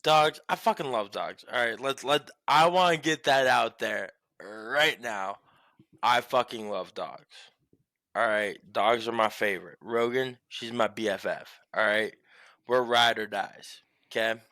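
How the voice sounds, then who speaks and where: A young man co-hosts a casual sports podcast, rambling through stories with plenty of swearing and animated emphasis. His voice is bright and forward. The sound is dry and close, with no room echo. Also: medium pitch, unhurried. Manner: profane, rambling, animated storytelling. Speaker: podcast co-host.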